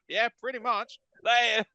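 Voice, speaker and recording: Very high-pitched yet level, this British podcast host talks slowly with a sharp tone, and the recording is dry and dull. He delivers a crude, mocking rant packed with swearing, breaking into laughter along the way.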